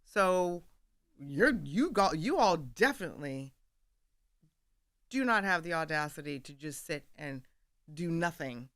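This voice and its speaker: Woman, radio guest, bright and sharp tone, dry studio sound, animated storytelling. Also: sits low, measured pace, pauses often, no room sound. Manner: animated, laughs often, acts out quoted dialogue. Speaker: guest author. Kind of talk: candid storytelling in conversation.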